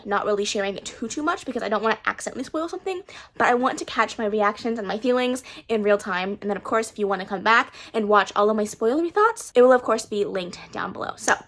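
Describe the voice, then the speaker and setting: A young woman book vlogger talking casually at home into a camera mic, gushing with breathless excitement. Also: on the high side.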